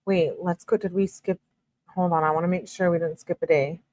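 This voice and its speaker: A woman with a slightly low voice reads text messages aloud in a plain, even way. She keeps stopping to talk casually with her viewers about what she has just read. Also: a little fast. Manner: reads messages flatly, breaks off to chat with viewers. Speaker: true-crime streamer reading texts. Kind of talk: casual live-stream commentary and reading aloud.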